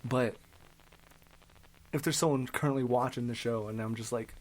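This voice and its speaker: A man's voice: mid-range voice, normal speed, rough recording. A man co-hosting a podcast, chatting casually about shows he rewatches, laughing and swearing often. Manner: animated, laughing, quoting movie lines, swears. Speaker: podcast co-host. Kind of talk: casual chat.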